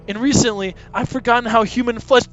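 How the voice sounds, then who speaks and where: A man's voice: very high voice, steady tone, a little fast, a bit bright. A man reading the lines of a bloodthirsty male demon soldier in an eager, hungry way, on dull lo-fi audio. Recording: dull lo-fi audio, faint music.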